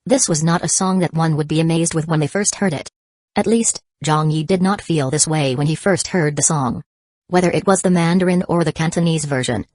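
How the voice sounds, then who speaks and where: A woman reads a dramatic novel aloud as an audiobook narrator. Her voice sits low and the recording is dry and close, with no room sound. She keeps a steady, even narrating pace. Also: no echo. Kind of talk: scripted narration.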